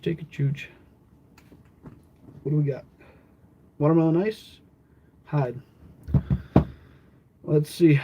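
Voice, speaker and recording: A young man streaming casually and swearing freely, often going high and sing-song while scolding his dog. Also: highs cut off. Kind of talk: casual livestream chat. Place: outdoors by a street, later indoors. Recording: outdoor mic with loud traffic noise.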